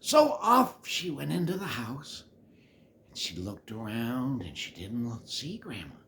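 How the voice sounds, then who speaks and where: An older man reads a puppet story to children in an animated, playful way, slipping into hushed whispery asides. He talks slowly, and his pitch swings widely as he goes. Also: creaky, a little hiss or hum.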